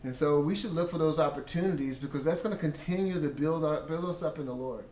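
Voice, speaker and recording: A man with a slightly high voice tells a faith story about his marriage in an earnest, storytelling way. He quotes himself and his wife as he goes. The room is echoey, with a faint hum of ambience behind him. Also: fast talker, a little mellow. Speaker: husband sharing testimony. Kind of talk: casual Christian testimony.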